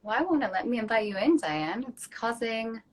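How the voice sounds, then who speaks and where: A woman's voice: a little high, expressive, moderate pace. A woman hosting a live-streamed chat, bubbly and effusive, talking casually with her guest. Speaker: host. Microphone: phone or computer mic on a social media live.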